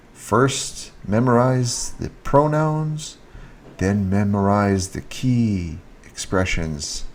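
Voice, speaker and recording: A man teaching grammar in a video lesson, repeating example sentences and lifting his pitch on the question words. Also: a little hiss or hum. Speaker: French teacher.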